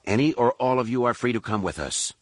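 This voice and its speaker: A man's voice: mid-range voice, expressive, a little fast, no echo, pitched above the performer's own voice, close to an everyday voice. A man doing a cool, self-assured young Jedi. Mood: confident. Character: bold young male Jedi, confident.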